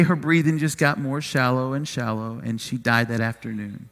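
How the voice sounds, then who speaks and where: A man's voice: medium pitch, flat delivery, normal speed, few pauses, a bit bright, big-room sound. A man preaching a sermon as pastor in his church, telling stories and declaring things over the congregation. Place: church sanctuary.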